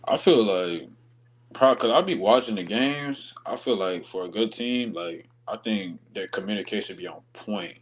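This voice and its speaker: A young man, a student athlete guest on a podcast, talking casually and haltingly with lots of fillers. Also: fairly low pitch. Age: young adult. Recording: dull audio with faint noise.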